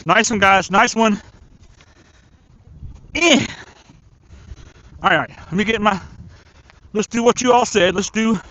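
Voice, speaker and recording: Excitable man narrating his fishing live. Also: high voice, unhurried, pauses often. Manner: excited, chatty, talks to the fish. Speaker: angler streaming a fishing tournament. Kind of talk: live-stream commentary. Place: outdoors by a river.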